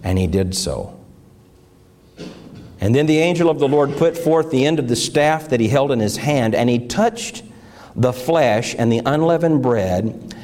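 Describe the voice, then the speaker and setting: A man's voice: mid-range voice, animated, unhurried, a little mellow. A middle-aged male pastor preaching, reading scripture aloud and telling of his morning, with emotional, fervent swells.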